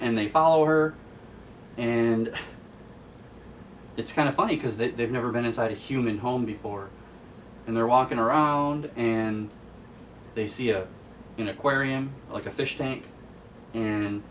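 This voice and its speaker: A man hosting a casual comic book recap, telling the story in a chatty, amused way. His voice is of middle pitch and sits a little back from the mic. Faint noise hangs under the recording. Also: recorded from a distance. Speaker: host.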